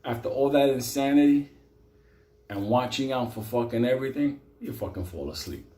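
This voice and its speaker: A man telling a story in a profane, animated, conversational way. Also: medium pitch, normal speed, echoey room. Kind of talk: comic storytelling.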